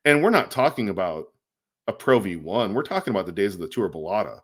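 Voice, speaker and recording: A man with a very deep voice co-hosts a casual podcast. He tells a long anecdote in a loose, chatty way, acting out the quoted lines and filling pauses with ums and likes. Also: breathy edge. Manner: animated storyteller, acts out quotes, many fillers. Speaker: podcast co-host. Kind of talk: casual storytelling.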